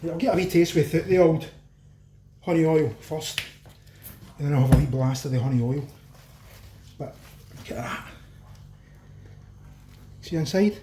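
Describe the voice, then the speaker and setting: A man's voice: on the high side, normal speed, long pauses, warm tone, echoey room, a little hiss or hum. A Scottish man hosting a casual cooking vlog, chatting to viewers as folks and talking with his mouth full while he tastes. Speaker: cooking channel host.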